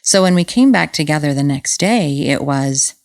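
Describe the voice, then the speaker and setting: A woman's voice: low-pitched, lively intonation, normal speed, creaky, darkish tone, dry recording, clean studio sound. A woman hosting her own podcast, talking earnestly and conversationally about relationships and sharing personal stories. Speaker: podcast host. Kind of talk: reflective solo talk on relationships.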